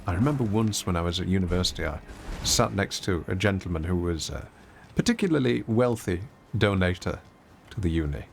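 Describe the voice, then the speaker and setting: A man's voice: low-pitched, lively intonation, fairly quick, creaky, a little hiss or hum. A man with an English accent giving wry, theatrical commentary while streaming a game. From England. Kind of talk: casual gameplay commentary.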